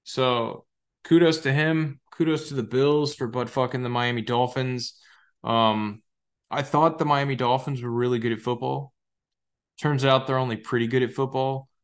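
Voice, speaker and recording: A young man hosting a podcast, talking casually about his fantasy football league in a rambling, excitable and profane way. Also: medium pitch, normal speed. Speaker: podcast host.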